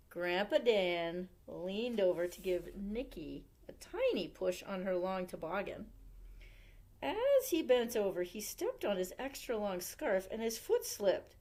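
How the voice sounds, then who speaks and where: Animated librarian, woman, reading picture books to kids with wide pitch swings. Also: measured pace. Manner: animated, expressive storyteller. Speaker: youth services librarian. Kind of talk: storytime read-aloud.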